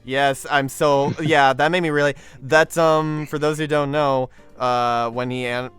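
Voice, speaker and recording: A man's voice: medium pitch, steady tone, unhurried, a bit bright, clear, resonant tone, soft background music. A man hosting a casual group chat online, rambling with many fillers and restarts. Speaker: podcast host.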